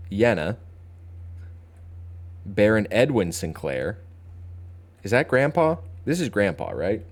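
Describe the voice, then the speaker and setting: A man's voice: fairly low pitch, darkish tone. A young man streaming a puzzle game, thinking aloud, joking and talking back to his chat. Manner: chatty, talks to chat, thinks aloud, playful. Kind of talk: casual gameplay commentary. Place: home streaming setup.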